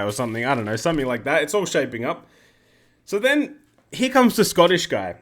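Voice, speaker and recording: A man's voice: fairly high pitch, big pitch swings, a little fast, fairly bright tone. Rambling joking male gamer. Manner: rambling, joking, self-interrupting. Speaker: gaming video host. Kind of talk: casual game commentary.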